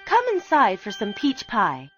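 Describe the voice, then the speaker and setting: Woman voicing a steady eldest pig brother, calm, storybook, music behind. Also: medium pitch, unhurried, exaggerated voice. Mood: confident. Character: confident older male third little pig. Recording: slightly dull recording with music behind.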